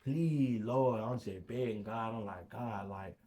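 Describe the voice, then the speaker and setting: A young man telling a story casually on a podcast, acting out voices with sudden loud high bursts. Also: steady tone, moderate pace.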